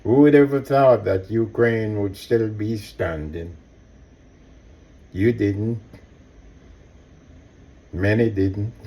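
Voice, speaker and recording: Slow, mellow man speaking with passion. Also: lowish voice. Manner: impassioned, repetitive, addresses listeners directly. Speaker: commentator. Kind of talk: personal commentary monologue.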